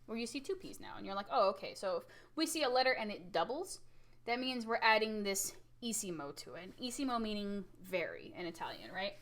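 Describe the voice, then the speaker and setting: A young woman teaches a music lesson in a relaxed, talky way. She ends many lines with "right?" and acts out loud and soft levels with her own voice, jumping from near shouts to quiet tones. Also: mid-range voice, brisk. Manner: animated, demonstrates loud and soft with her voice, says "right?" often. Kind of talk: casual recorded lesson.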